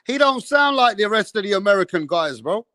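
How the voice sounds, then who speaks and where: A man hosting a live boxing stream, talking in a streetwise, slang-heavy way and keeping up a steady chat straight to the viewers. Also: high-pitched, a little fast, no room sound. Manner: streetwise, slang-heavy, keeps saying bro and bruv. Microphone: streaming setup mic.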